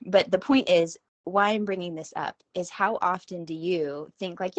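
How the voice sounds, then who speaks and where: A woman's voice: on the low side, steady tone, normal speed, few pauses, dry recording. A woman around forty, talking in a rambling, self-deprecating casual monologue as a podcast host, laughing at herself. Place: at home.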